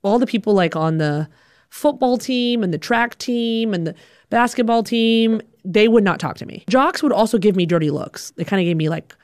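A young woman from Alabama telling a funny personal story in an animated, conversational, self-deprecating way. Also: mid-range voice, moderate pace, dry recording, studio quality. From Alabama, USA. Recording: music playing underneath.

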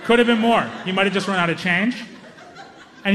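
A young man doing stand-up, telling a story in a lively, self-mocking way. His voice sits a little high and jumps up for punchlines and quoted bits, with quick throwaway asides. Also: big-room sound. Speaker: stand-up comedian.

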